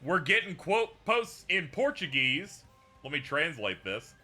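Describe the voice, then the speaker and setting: A man chats casually on a live game stream, reading viewer posts aloud and breaking into laughter now and then. His voice is very bright and animated, swinging widely in pitch. Faint game music plays behind him. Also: a little slow. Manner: reads quotes aloud with bursts of laughter and swearing.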